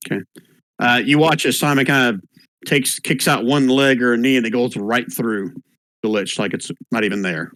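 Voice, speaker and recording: A man's voice: medium pitch, no room sound. Dry-voiced male game master. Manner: relaxed, halting with fillers. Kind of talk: narrating a tabletop game. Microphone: computer mic on an online call.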